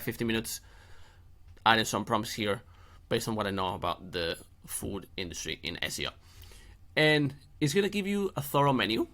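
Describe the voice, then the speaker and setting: A man's voice: medium pitch, fairly bright tone. A middle-aged man hosting a screen-share tutorial, chatty and jokey with playful asides. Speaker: SEO channel host.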